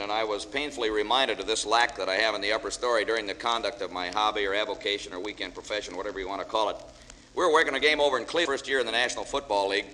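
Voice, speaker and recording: A man's voice: medium pitch, sharp tone. A man giving a humorous speech to an audience, telling folksy jokes and stories as a guest speaker. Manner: folksy storyteller, joking with audience. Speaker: after-dinner speaker. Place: large banquet hall with audience. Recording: echoey hall, faint hiss.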